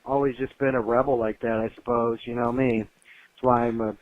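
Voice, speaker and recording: A man's voice: medium pitch, little pitch movement, moderate pace, no room sound. A man leaving a joking voicemail for a podcast, talking loosely to the hosts. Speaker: listener calling in with voicemails. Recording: tinny phone-line voicemail.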